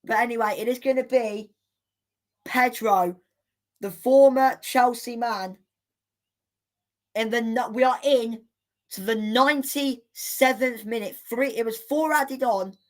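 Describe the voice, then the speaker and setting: A woman hosts a live football watchalong with a slightly raised pitch. She speaks slowly and draws out her words. Her commentary is excitable, full of exclamations and indignant rants. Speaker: watchalong host.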